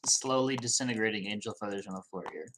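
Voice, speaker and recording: A man's voice: fairly low pitch, fast, a bit bright, slight background noise. A man acting as game master, describing scenes and making easygoing rulings for his players. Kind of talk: narrating a tabletop game.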